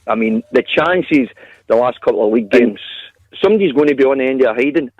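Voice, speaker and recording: A man's voice: medium pitch, animated, fast, dry recording, highs cut off. A man calling a radio phone-in, a confident and defensive football fan. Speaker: radio caller. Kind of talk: phone-in call.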